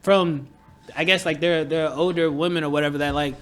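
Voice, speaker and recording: A man co-hosting a podcast with a noticeably high voice for a man. He speaks in a thoughtful, halting way, feeling his way through each point. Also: fairly even intonation. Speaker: podcast co-host. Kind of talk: casual chat.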